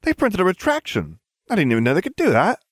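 Excitable, blunt girl witch, voiced by a man, high and loud. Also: quick pace, dry recording, studio quality, heavily acted. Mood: amazed.

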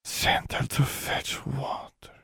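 A man voicing a scheming seductive woman in a breathy whisper, whispered role-play. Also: slow pace, fairly bright tone, dry recording, clean studio sound.

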